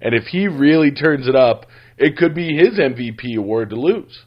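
A man's voice: mid-range voice, expressive, moderate pace. A man co-hosting a casual sports podcast, easygoing and jokey, often agreeing with his partner. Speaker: podcast co-host. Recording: dull lo-fi mic.

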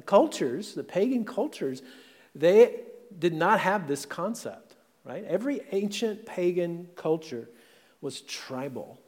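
In a church sanctuary with long hall reverb, a male pastor preaches a sermon conversationally, often checking in with "right?". His voice is high-pitched with a darkish tone.

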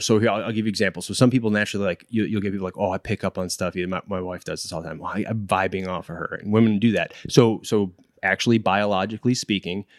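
A man's voice: lowish voice, no echo, clean studio sound. A man working as a training instructor, explaining in casual interview talk, acting out quotes with many restarts. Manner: animated, acts out quotes, frequent restarts. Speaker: instructor in behavior analysis training.

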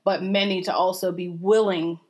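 A woman's voice: fairly low pitch, level tone, moderate pace, a little mellow. A young woman co-hosting a podcast, talking bluntly and candidly in casual chat, swearing freely. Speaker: podcast co-host.

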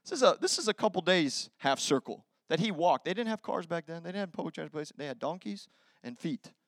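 A man preaching a sermon as pastor, telling a story in an animated way that swings from loud bursts to quiet stretches. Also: a little high, quick pace, no echo, clean studio sound.

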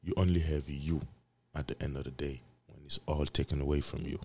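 A man with a very low voice hosts his own podcast, rambling in a loose, profane monologue. He preaches and repeats his points for emphasis, going loud on some phrases and quiet on others. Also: steady tone, fairly quick, slightly rough. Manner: repetitive emphatic delivery, swinging loud and soft. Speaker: podcast host. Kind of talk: casual solo podcast monologue.

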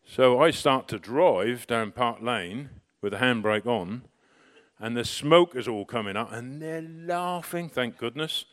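A middle-aged man telling a personal story in a casual, anecdotal way, animated and full of restarts. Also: mid-range voice, measured pace. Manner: animated, with restarts and bursts of excitement. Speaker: storyteller recounting personal experience.

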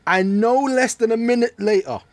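A man's voice: extremely high pitch, moderate pace, dry recording. A man hosting a football podcast in casual, mocking, jokey banter. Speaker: podcast host.

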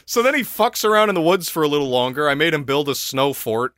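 A young man in casual comedic chat, telling an animated story full of laughter and swearing. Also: on the high side, quick pace, hardly any pauses, dry recording, clean studio sound.

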